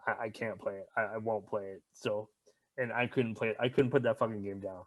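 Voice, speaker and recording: A man's voice: on the low side, fairly even intonation, fairly quick, no room sound, low-quality recording. Stammering young man, dry close voice. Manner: stammers and repeats words, swears often. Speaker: podcast co-host. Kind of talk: casual chat.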